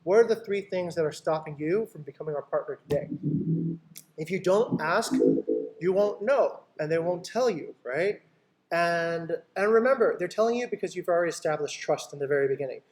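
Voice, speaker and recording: A man's voice: a little high, brisk. A man, a company boss, coaching his sales team in an online meeting, acting out client talks and often checking in with "right?". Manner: lively, acts out client dialogues, keeps asking "right?".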